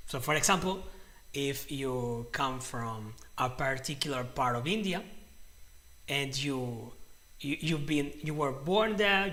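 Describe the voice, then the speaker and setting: Bright, gravelly man teaching English live. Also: a little high. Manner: chatty, warm greetings to viewers, frequent restarts. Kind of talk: live-streamed English lesson.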